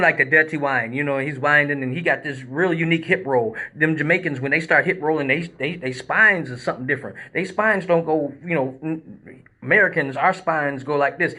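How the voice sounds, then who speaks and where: A man hosting a live stream, telling a crude comic story in a casual, animated way. He swears freely and acts out scenes with sound effects. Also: a little high. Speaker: male exotic dancer, live-stream host.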